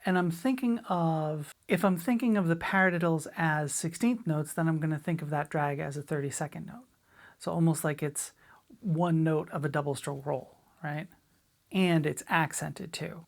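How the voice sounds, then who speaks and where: Low, gravelly-voiced woman drum teacher. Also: normal speed. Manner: relaxed, chatty, demonstrates rhythms by scatting syllables. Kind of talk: casual spoken lesson.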